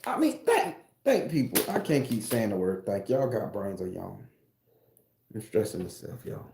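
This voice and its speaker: A man's voice: fairly low pitch, sing-song, moderate pace, creaky, warm tone, a little hiss or hum. A man ranting casually to his viewers as a spiritual vlogger, profane, rambling and preachy. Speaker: spiritual tarot reader vlogger. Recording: roomy echo.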